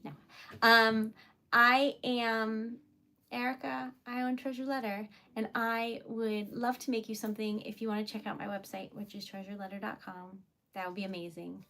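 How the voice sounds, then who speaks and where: A woman livestream host and poet chatting casually and giggling often, with scattered, unhurried talk. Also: fairly high pitch, level tone, sharp tone. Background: typewriter clacking.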